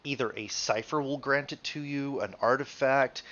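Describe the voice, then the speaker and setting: A man's voice: medium pitch, normal speed, fairly bright tone, dull audio. A man acting as game master, explaining tabletop rules in a rambling, casual way. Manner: rambling, many restarts and fillers, laughs often.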